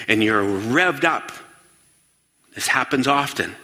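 A man speaks to an audience with energy and a bright, forceful tone. He fires questions at the room and slips into quoted voices to act them out. His voice rings with the long reverb of a large hall. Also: medium pitch, moderate pace. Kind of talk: lively stage talk.

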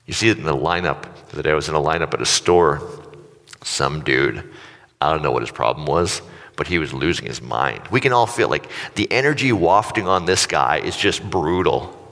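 A man's voice: low-pitched, vocal fry, a bit bright. A middle-aged man preaching a sermon, telling self-mocking stories in a casual, joking way. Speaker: pastor. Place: church hall. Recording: church hall with long reverb.

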